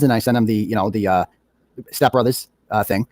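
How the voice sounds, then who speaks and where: A man's voice: lowish voice, a little fast, a little mellow, no echo, studio quality. A man sarcastically retelling a text exchange in a casual recap, with a mocking manner. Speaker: commentator reading his own text messages.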